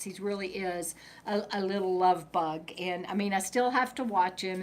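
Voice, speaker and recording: A woman's voice: mid-range voice, slight background noise. A middle-aged woman chatting casually on a live stream, rambling and breaking off to talk to her dog. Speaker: vlogger reading live chat.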